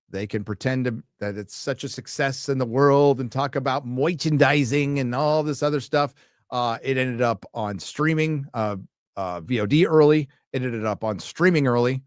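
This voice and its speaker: A man's voice: medium pitch, moderate pace, no echo, studio quality. Wry American man reading donations. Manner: reads donor messages aloud, wry and joking. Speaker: livestream host reading donations. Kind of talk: casual live-stream chat.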